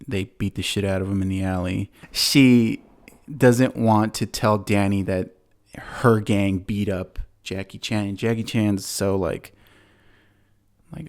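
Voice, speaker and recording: Low-voiced man rambling through a story. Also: steady tone, slow, darkish tone. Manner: rambling, filler-heavy, laughs often. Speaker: podcast host. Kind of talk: casual chat, retelling a movie plot.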